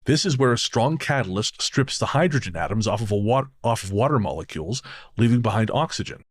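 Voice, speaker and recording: In a relaxed podcast conversation, a Canadian co-host tells laugh-filled stories with the odd curse. He talks briskly and expressively in a fairly low voice.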